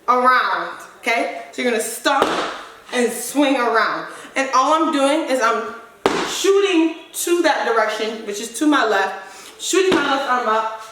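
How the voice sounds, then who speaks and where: A woman dance instructor teaching stepping, counting the moves aloud in a brisk, rhythmic way. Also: a little high, recorded from a distance, background noise. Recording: echoey room, voice off-mic, loud stomping and claps.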